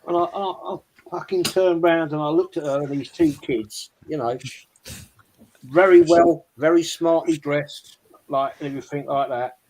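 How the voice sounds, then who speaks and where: A man's voice: fairly high pitch, moderate pace, darkish tone, a little hiss or hum. Swearing older man telling a story. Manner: swearing, rambling, lots of "right?". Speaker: podcast panelist, Arsenal fan. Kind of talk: casual football chat, storytelling.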